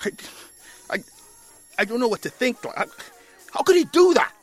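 A man's voice: high-pitched, moderate pace, fairly bright tone, soft background music. An agitated, stammering young man. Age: young adult.

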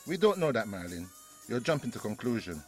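An actor playing a principled man who speaks in a measured, earnest way. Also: lowish voice, big pitch swings, husky, soft background music. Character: calm, principled male friend.

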